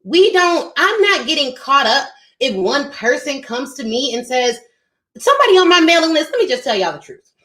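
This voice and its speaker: A woman's voice: high voice, animated, normal speed, pushed and bright, roomy sound. A woman hosting a show, giving an emphatic motivational talk on business and sales, talking straight to her listeners. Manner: emphatic, preachy, addresses listeners as y'all. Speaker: podcast host.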